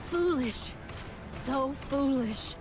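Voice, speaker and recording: A woman's voice: high voice, drawn-out words. A woman voicing a solemn young female swordswoman in a video game, speaking in formal, old-fashioned phrasing over game music.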